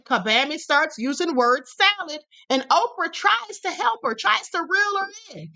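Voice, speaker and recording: A woman's voice: high voice, sharp tone. Emphatic Southern-accented woman host. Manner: emphatic, sassy, repeats her points. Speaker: livestream host. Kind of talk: opinionated commentary.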